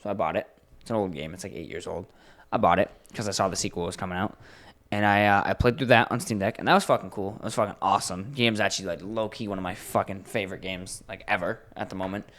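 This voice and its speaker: A man's voice: sits low, fairly even intonation, fast, fairly bright tone. A young man co-hosting a podcast, chatting casually and swearing freely as he tells stories with animation. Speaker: podcast co-host. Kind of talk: casual chat.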